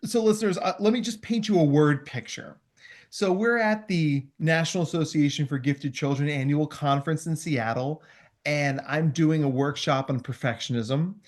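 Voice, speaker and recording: A man hosting a podcast, telling a story in an animated, self-deprecating way. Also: fairly high pitch, normal speed. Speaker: podcast host. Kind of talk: storytelling interview chat.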